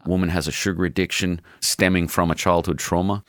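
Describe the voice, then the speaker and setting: A man's voice: low voice, flat delivery, fast, a bit bright, dry recording, studio quality. A man, middle-aged, an author talking in an interview, earnest and heartfelt, swearing casually. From Australia. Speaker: author guest. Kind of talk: emotional interview talk.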